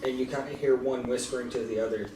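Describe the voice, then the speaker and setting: A man narrating as dungeon master with a relaxed, hesitant delivery full of ums. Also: medium pitch, quick pace. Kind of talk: narrating a tabletop game. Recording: echoey room, distant mic, noisy.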